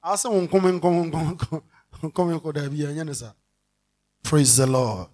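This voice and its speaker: A pastor with a Ghanaian accent preaching a sermon, animated, mixing English with Twi and acting out everyday scenes, now and then shouting for emphasis. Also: medium pitch, unhurried.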